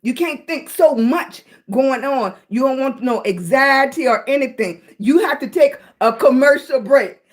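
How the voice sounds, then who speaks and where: High-voiced affectionate woman streaming. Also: lively intonation, measured pace, few pauses. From Virginia, US. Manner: affectionate, greets viewers as baby and sweetie. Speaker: live streamer. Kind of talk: casual livestream chat to viewers.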